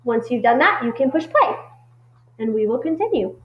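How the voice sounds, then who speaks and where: A woman's voice: on the high side, very animated, moderate pace. Woman, teacher, recorded lesson for children, friendly explaining, um-filled, muffled echoey sound.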